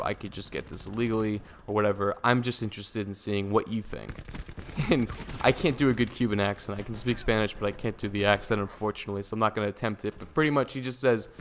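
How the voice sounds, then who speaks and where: A man's voice: lowish voice, a little hiss or hum. A young man casually telling a story to his viewers, rambling and laid-back with lots of fillers. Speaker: vlogger.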